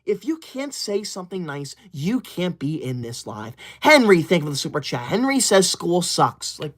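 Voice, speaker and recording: A livestreamer reading viewer super chats in an over-the-top teacher's-pet persona, bossy and indignant, quick to scold viewers and kick them out. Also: medium pitch, big pitch swings. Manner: prim, rule-enforcing and self-important.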